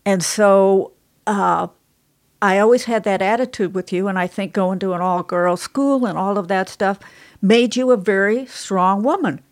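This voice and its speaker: A woman's voice: medium pitch, measured pace. A woman in her sixties appears as a guest on a podcast. She talks earnestly and casually and chuckles often. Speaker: guest, host's mother. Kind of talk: casual chat.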